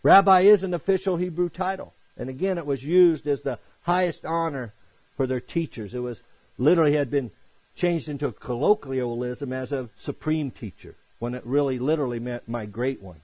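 A man preaching a sermon, acting out quoted greetings and swinging between loud emphasis and quiet asides. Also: mid-range voice, normal speed, no room sound, poor audio. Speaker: pastor.

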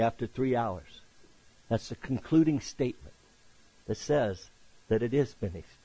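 A man preaching a sermon. He reads scripture aloud, rising to loud emphatic peaks and then dropping to hushed, low passages. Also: slightly rough, dry recording, low-quality recording.

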